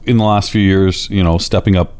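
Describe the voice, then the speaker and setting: A man's voice: sits low, fairly even intonation, brisk, a little mellow, smooth, dry recording. A man with a Canadian accent co-hosting a podcast, chatting enthusiastically in an easygoing way. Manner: enthusiastic, easygoing, uses fillers like "if you will". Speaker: podcast co-host. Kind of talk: casual chat.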